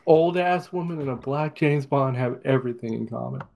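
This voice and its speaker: A man's voice: mid-range voice, brisk, gravelly, noisy background. A man with a mid-range voice co-hosts a casual podcast. He chimes in with brief, teasing remarks. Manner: teasing, short interjections. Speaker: podcast co-host.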